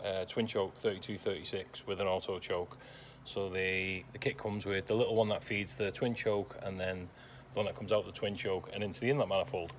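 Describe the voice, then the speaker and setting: A man's voice: lowish voice, slight background noise. Dry, sarcastic man in a workshop. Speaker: classic car restorer. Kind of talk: workshop vlog narration.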